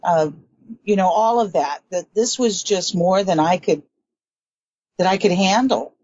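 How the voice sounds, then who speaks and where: Woman with a lowish voice telling her side of the story, earnest, kinda dull lo-fi audio. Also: measured pace, darkish tone, slight background noise. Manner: earnest, reflective. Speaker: interview guest. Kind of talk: casual storytelling. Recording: dull lo-fi sound.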